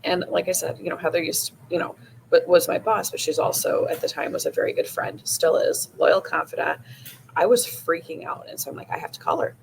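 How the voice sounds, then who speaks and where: A woman's voice: fairly low pitch, brisk, creaky, slight background noise, rough recording. A woman hosting a podcast, telling a personal story casually with many "like"s and "you know"s. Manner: casual, frequent "like" and "you know", retelling with rising emotion. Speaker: podcast host.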